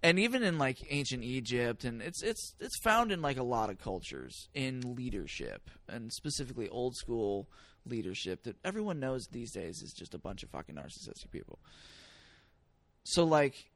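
A man's voice: medium pitch, normal speed, dry recording. A man in casual podcast chat, drifting into tangents and swearing as he talks. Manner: animated, given to tangents and swearing.

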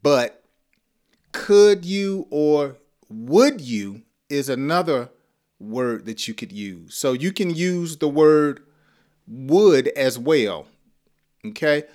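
A man teaching a live-streamed English lesson, slowly repeating example phrases and now and then chuckling at his own examples. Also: a little high, animated, darkish tone.

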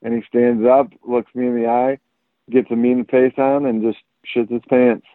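A man's voice: mid-range voice, moderate pace, no echo. A man, chatting casually on a podcast. He tells stories animatedly, acting out every quote. His voice comes through a tinny, phone-like line that sounds dry. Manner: animated storyteller, acts out quotes. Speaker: podcast guest.

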